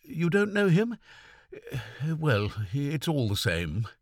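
A man's voice: a little high, very animated, slow, no room sound, clean studio sound, pitched above the performer's own voice. A man voicing a sensible middle-aged country doctor who talks freely with some humour, in a weak, quavering voice. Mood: chatty.

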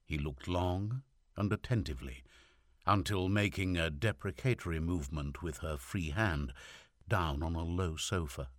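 A man narrating a classic short story as an audiobook, in a measured, expressive reading. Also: sits low, no room sound, studio quality. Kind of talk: scripted narration.

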